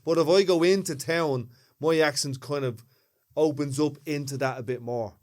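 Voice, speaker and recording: Dublin man, podcast co-host, relaxed and agreeable. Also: a little high, moderate pace. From Dublin, Ireland. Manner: easygoing, agreeable, laughs along. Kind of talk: casual chat.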